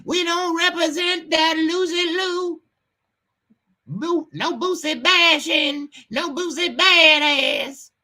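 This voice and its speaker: A man putting on a boastful rapper's voice, pitched far above his own and squeaky. The words come out whiny and drawn out. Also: slow pace, sharp tone, full character voice. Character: high-pitched male rapper impression, boastful.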